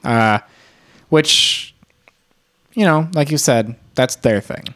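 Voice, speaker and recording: A man's voice: medium pitch, takes it slowly, fairly bright tone. Joking man in casual chat. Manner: jokey, riffs on the other's lines, restarts often.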